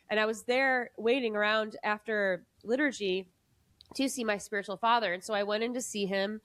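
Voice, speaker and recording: A woman hosting a podcast, chatting casually and telling an excitable story in quick bursts. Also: mid-range voice, no room sound. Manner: excitable, rapid storytelling with voices. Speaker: podcast host. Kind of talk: casual conversation.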